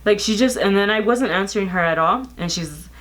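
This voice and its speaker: A vlogger in her thirties recounts a family dispute in a casual storytime chat, sounding animated and exasperated as she reads texts aloud. Her pitch is medium and her pace brisk.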